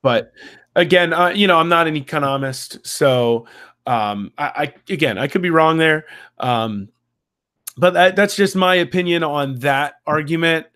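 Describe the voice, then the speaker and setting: Male podcast co-host, slightly high voice, hesitant and halting, casual chat. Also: fairly bright tone, smooth. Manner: hesitant, many restarts and fillers.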